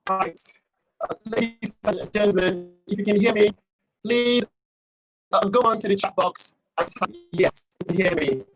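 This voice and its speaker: Woman, mid-pitched, deliberate, pedantic, formal meeting report, video call. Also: fairly even intonation, faint music behind, low-quality recording. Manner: deliberate, pedantic, corrects pronunciation and grammar. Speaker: grammarian at a club meeting.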